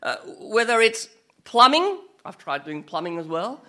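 High-voiced, bright-toned male preacher. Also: big pitch swings, measured pace. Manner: asks the listeners rhetorical questions, chatty and self-mocking. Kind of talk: conversational sermon.

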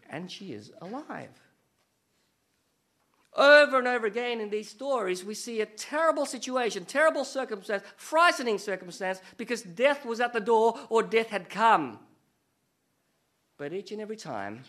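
A middle-aged man preaching a sermon as pastor, animated and storytelling, with joking asides. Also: sits high.

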